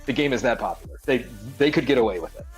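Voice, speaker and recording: A man co-hosting a casual gaming news podcast, animated and jokey, often talking over his partner. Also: mid-range voice, quick pace, soft background music. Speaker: podcast co-host.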